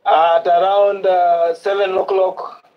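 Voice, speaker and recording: A man calling in from his car, rambling and excited, stumbling over words and laughing. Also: high voice, slow pace. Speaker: caller. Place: in a car with sleeping children. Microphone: phone call. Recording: dull phone-line sound.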